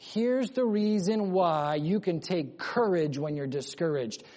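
A man preaching a sermon with emphatic delivery, swinging between loud urgent lines and quiet low ones. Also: lively intonation, measured pace. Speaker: pastor. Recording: long hall reverb.

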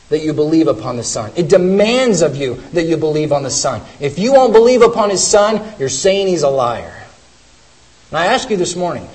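A man's voice: a little high, slightly rough, poor audio. A man preaching a sermon, emphatic and repetitive, stumbling over restarts as he presses his points.

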